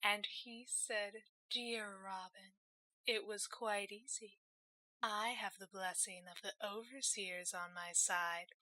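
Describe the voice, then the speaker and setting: A woman's voice: mid-range voice, fairly even intonation, takes it slowly, bright, forceful tone, poor audio. A woman playing a gushing radio wisdom host. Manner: gushing, theatrical broadcaster patter. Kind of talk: in-character radio segment.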